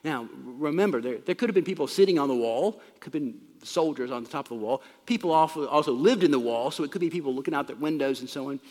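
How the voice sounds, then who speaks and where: A man's voice: a little high, expressive, quick pace, few pauses, a little mellow, in a large hall. A man preaching a sermon, explaining scripture in a plain, conversational way.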